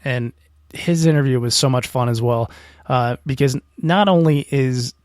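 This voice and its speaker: A man podcast host introducing a past guest with a lot of pauses and fillers. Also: medium pitch, a little mellow, no echo. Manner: halting, many fillers, appreciative. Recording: dry, close audio.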